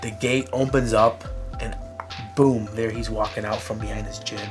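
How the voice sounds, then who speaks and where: A man from Chicago telling a personal story in a documentary interview, animated and full of "you know, man.". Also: lowish voice, normal speed, over music. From Chicago, USA.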